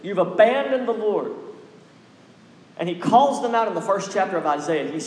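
A man's voice: high-pitched, lively intonation, normal speed, darkish tone, reverberant, big-room sound. A man preaching a sermon as a pastor, urging his listeners with a repetitive, exhorting cadence.

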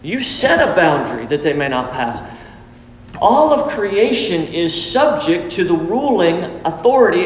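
Pastor guy preaching hard, repeats stuff for emphasis, kinda high voice, big echoey hall. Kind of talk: sermon. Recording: echoey hall, faint background noise.

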